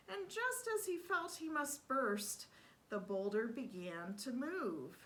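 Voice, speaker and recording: A woman reading a children's picture book aloud in an expressive, animated way. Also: a little high, slow pace, low-quality recording. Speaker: storyteller. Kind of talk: children's story read-aloud.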